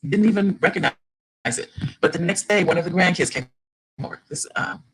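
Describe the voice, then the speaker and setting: An older woman shares a personal story with a room of listeners. Her voice is husky, and it climbs and swells as she gets caught up in the telling. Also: on the low side, a little fast, poor audio. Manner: animated storyteller, voice rising with excitement. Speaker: guest speaker, children's book author. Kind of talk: storytelling talk to an audience.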